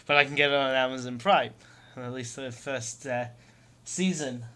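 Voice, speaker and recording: This Scottish-accented man speaks at normal speed in a mid-range, sharp-toned voice with fairly even intonation. In his diary vlog he rambles casually, swears, uses plenty of fillers, and chuckles at his own expense.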